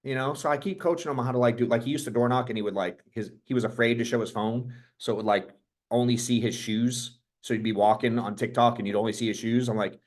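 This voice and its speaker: A man hosting as a business coach, giving a casual motivational talk to a group in an energetic, rambling, profane storytelling way. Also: medium pitch, fast talker.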